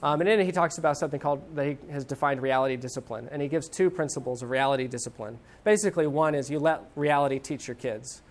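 A man's voice: fairly high pitch, fast, hardly any pauses. Man teaching a parenting class. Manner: conversational, hesitant with fillers, animated when quoting.

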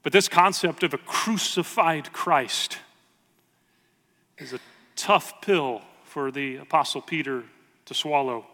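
A man's voice: a little high, slow, pauses often, pushed and bright, in a large hall. A man preaching a sermon with earnest emphasis, reading scripture aloud to his congregation. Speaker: pastor.

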